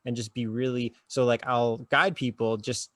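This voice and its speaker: A man, a therapist guest on a podcast, talking slowly and soothingly as he guides a listener through a calming exercise. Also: medium pitch, no room sound. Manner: slow soothing guided instructions. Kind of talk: calm guiding conversation.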